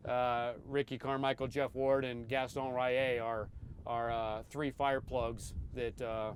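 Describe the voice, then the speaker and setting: A middle-aged former motorcycle racer telling stories in a relaxed, rambling way, often repeating his first words. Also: medium pitch, takes it slowly, slight background noise. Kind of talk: casual storytelling interview.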